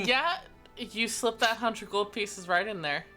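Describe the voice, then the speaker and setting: A woman running a tabletop game as game master, playful and quick to laugh, sometimes dropping into character voices. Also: medium pitch, over loud music.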